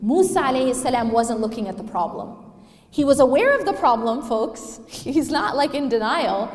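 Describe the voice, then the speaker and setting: High-voiced woman lecturing in an echoey hall. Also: expressive, moderate pace. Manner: asks the audience questions, emphatic. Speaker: speaker. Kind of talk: religious lecture.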